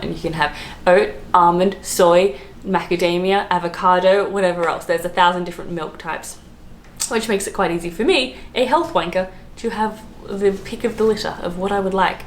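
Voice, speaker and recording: A hungover Australian woman chatting casually to camera as a travel vlogger, full of fillers and quick laughs. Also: medium pitch. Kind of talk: casual vlog chat. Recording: roomy echo, faint background noise.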